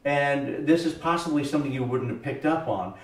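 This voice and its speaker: A man's voice: medium pitch, expressive, fairly quick. A middle-aged man chats about an album in a rambling, hesitant way, filling gaps with uh and restarting his sentences. He sits a little away from the mic. The room gives his voice a noticeable echo. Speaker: podcast co-host. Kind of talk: casual music review chat. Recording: echoey room, mic at a distance.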